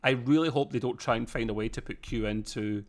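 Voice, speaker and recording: A man's voice: mid-range voice, fairly quick. A man co-hosting a casual podcast review, chatty and laughing often, with many fillers. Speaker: podcast co-host.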